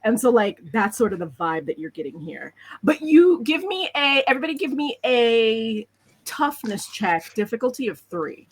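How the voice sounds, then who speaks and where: A woman's voice: fairly high pitch, big pitch swings, moderate pace, slight background noise. A woman narrating as game master, describing scenes in a chatty way with lots of fillers.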